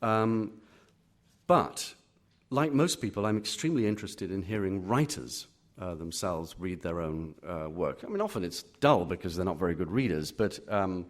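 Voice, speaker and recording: A middle-aged Englishman, a literary critic answering audience questions at a live reading, full of pauses and restarts. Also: sits low, expressive. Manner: hesitant, many fillers and restarts. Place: auditorium.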